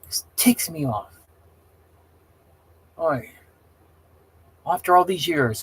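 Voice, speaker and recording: A man's voice: on the high side, lively intonation, takes it slowly, long pauses, breathy edge. A man hosting a casual livestream, rambling, getting heated and exasperated as he talks. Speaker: livestream host.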